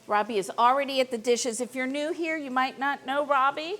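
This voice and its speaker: This is a high, slightly bright female voice, fairly quick and fairly even in intonation. She's a middle-aged Missourian running a live cooking stream at home, chatting loosely with lots of filler words.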